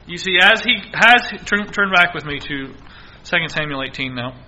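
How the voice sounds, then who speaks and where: A man's voice: on the high side, expressive, normal speed, bright, forceful tone, highs cut off. A male preacher giving an earnest sermon, exhorting his listeners and repeating key phrases.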